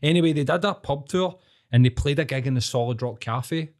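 Scottish guy, thirties, loose casual chat host, heavy swearing, animated storyteller. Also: medium pitch, a little fast. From Scotland.

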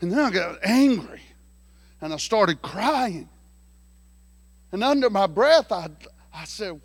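A pastor, telling a folksy story in a sermon and swinging between hushed lines and shouted ones. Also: male voice, sits high, expressive, slow pace, long pauses, husky, no echo.

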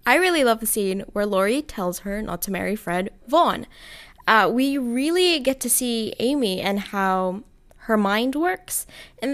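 Young woman, casual film vlog, gushing, giggly, talks to viewers, mid-pitched voice. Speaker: film vlogger. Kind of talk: casual chatty film commentary.

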